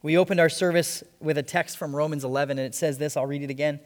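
Guy preaching a sermon, earnest, repeats stuff slow for emphasis, echoey church hall. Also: fairly high pitch, steady tone. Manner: earnest, repeats phrases for emphasis, slows on key lines. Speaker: pastor. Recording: long hall reverb.

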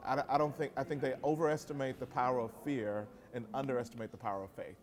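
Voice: medium pitch, fairly even intonation, quick pace. An encouraging podcast host in casual conversation. The host answers often with short, emphatic affirmations and asks reflective questions at an easy, conversational pace. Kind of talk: casual interview chat.

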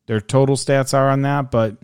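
A man's voice: mid-range voice, fairly even intonation, normal speed, darkish tone, clean tone, dry recording, clean studio sound. A man co-hosting a podcast, casually rattling off game scores and standings. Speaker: podcast co-host. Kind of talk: casual sports chat.

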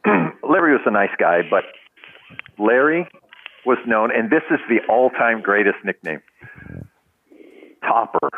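Animated older man telling baseball stories. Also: medium pitch, slow pace, long pauses, narrow, tinny audio, slight background noise. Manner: animated storyteller acting out quotes, laughs often. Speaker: retired baseball head trainer, guest. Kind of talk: casual storytelling in a podcast interview.

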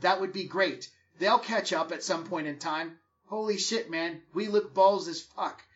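Man plays a boastful, crude male mercenary, pitched a bit high, on a dull lo-fi track. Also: measured pace, a bit bright, distant mic. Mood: excited. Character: crude, cocky male mercenary, always flirting. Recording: dull lo-fi recording.

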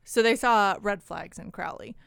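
A woman co-hosting a podcast, telling a story in a loose, wry, chatty way. Her voice is very clear and crisp, and it sounds close and dry. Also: medium pitch, normal speed, a bit bright, no room sound. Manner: wry, chatty, many fillers. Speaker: podcast co-host. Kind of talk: casual storytelling chat.

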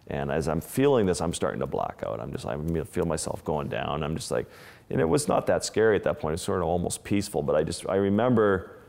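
A low-pitched man tells his diving near-misses in halting bursts, often doubling back mid-sentence. His voice carries a long hall reverb behind it. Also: gravelly, a little mellow. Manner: halting, restarts often, vivid retelling. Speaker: underwater photographer. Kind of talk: storytelling interview.

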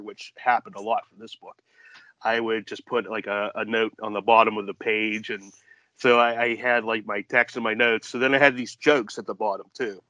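A man's voice: lowish voice, pushed and bright, no echo. A man being interviewed on a podcast as a guest author, telling rambling stories and laughing at his own jokes. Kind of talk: casual podcast chat.

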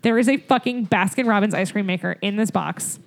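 A woman hosting a podcast, telling stories in animated casual chat and swearing freely. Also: medium pitch, a little fast, gravelly. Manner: animated storytelling with frequent swearing. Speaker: podcast host.

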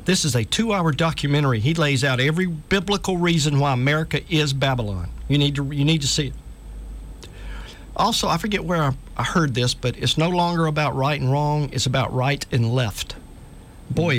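A man's voice: on the high side, a little fast. A man hosting a talk radio show, speaking in an earnest, urgent way and reading articles aloud to listeners.

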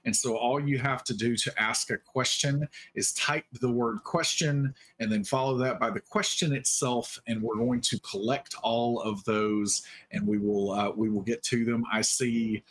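A man's voice: mid-range voice, steady tone, normal speed, hardly any pauses, a bit bright, breathy edge. Guy hosting a stream q&a, upbeat and chatty, lots of ums. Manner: chatty, upbeat, many fillers. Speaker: host. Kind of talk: livestream cast Q&A hosting.

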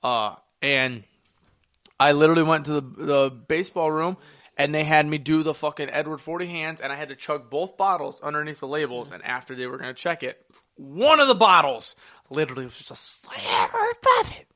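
Young man telling loud crude stories. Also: a little high, lively intonation, brisk, dry recording, studio quality. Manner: crude storytelling with loud acted-out quotes. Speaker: podcast co-host. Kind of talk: casual chat.

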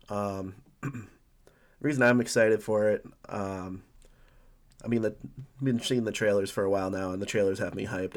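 A man with a fairly low voice, chatting loosely as a podcast co-host. He hesitates and restarts, but he sounds keen. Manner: hesitant, filler-heavy, enthusiastic. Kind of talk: casual chat.

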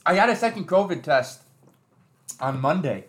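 Halting man in casual podcast chat. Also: fairly high pitch, expressive. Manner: hesitant, trailing off, restarts often. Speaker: podcast co-host. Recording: roomy, echoey room.

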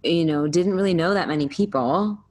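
Low-voiced woman interviewer. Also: normal speed, a little mellow. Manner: encouraging, laughs often, brief affirmations. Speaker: interviewer, host. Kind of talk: casual interview chat.

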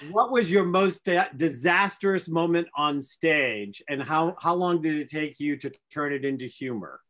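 A man with a slightly raised voice co-hosts a relaxed interview. He cracks jokes and asks questions, often stopping and restarting his sentences. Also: fairly high pitch, unhurried. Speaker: podcast co-host. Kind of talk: casual interview chat.

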